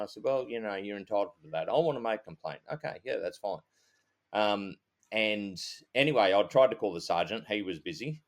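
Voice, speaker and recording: A middle-aged Australian man, a podcast co-host who is a police officer, rambling through a casual anecdote with sweary asides and quoted dialogue. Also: deep voice. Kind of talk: casual storytelling.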